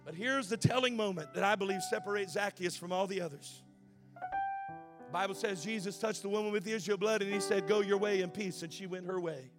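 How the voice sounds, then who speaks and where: A male pastor preaching a sermon, swinging from shouted, sing-song preaching to quiet, conversational asides. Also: sits high, a little fast, music in the background.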